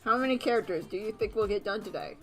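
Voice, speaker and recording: A woman's voice: medium pitch, quick pace, fairly bright tone, faint music behind. A young woman chatting casually while she draws on a live stream, rambling, giggling, and poking fun at herself. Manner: giggly, rambling, self-deprecating.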